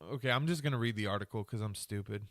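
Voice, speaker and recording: A lowish, slightly bright voice delivers this fast solo podcast rant, recorded in clean studio sound with no echo. The male host is crude and foul-mouthed, laughing at himself in self-mockery.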